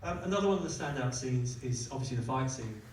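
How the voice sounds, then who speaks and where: A man's voice: mid-range voice, lively intonation, fast talker, a little mellow. A man moderating a film festival Q&A, asking questions with fillers. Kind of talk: hosting a festival Q&A. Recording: echoey hall, distant mic, faint noise.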